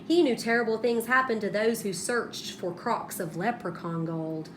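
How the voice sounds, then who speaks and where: A woman teacher reading a storybook aloud to students in an expressive way, stopping to ask them questions. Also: medium pitch, a little hiss or hum. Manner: slow, expressive, pauses to prompt students.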